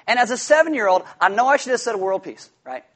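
A man preaching a sermon, telling a childhood story with lively quoted voices and asides. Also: very high-pitched, fast talker. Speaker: pastor.

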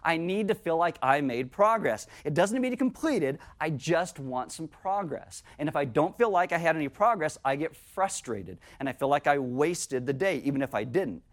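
Joking conversational male pastor, slightly high voice. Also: animated, normal speed, few pauses. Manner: conversational, joking asides to the congregation. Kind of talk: sermon.

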